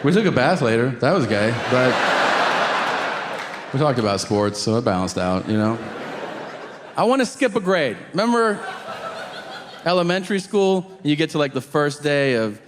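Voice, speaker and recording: A man doing a stand-up set with a deadpan, profane delivery, slipping into quick voices for the people in his stories. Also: mid-range voice. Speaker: stand-up comedian. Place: theater stage before a laughing audience. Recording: long hall reverb, audience noise.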